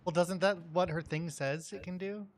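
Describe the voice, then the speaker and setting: A man playing in a tabletop game who thinks out loud hesitantly, full of likes and ums. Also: high-pitched, fairly even intonation, normal speed, dry recording. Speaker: player. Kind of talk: casual tabletop game play.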